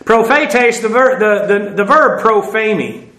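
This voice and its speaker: A man's voice: sits high, expressive, a little slow, bright, forceful tone, reverberant. A man teaching a Bible passage verse by verse, explaining Greek grammar and spelling words out letter by letter, with frequent "uh" fillers and self-deprecating asides.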